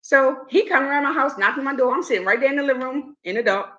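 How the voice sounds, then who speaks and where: A middle-aged woman hosting a casual chat, telling a personal story in an animated way and acting out what others said. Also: high voice, quick pace, lo-fi sound. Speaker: host.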